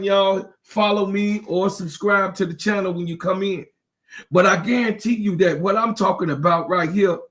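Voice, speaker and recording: A man's voice: high voice, fairly bright tone. A man hosting his own livestream, talking in an impassioned, preachy way, repeating lines for emphasis and near tears. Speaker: channel host.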